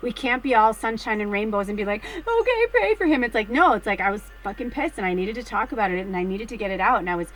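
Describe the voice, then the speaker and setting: A woman's voice: mid-range voice, fast, few pauses, a little hiss or hum, rough recording. Rambling, chatty woman reading cards. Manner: chatty, rambling, full of fillers; expressive, swings between hushed and excited. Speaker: tarot card reader. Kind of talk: casual card reading chat.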